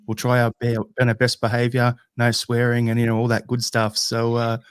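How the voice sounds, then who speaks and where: Australian male host, monotone, smooth clean voice, relaxed and halting. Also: medium pitch, no echo, clean studio sound. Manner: easygoing, hesitant with fillers. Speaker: podcast host. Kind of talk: casual fan podcast hosting. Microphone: video call.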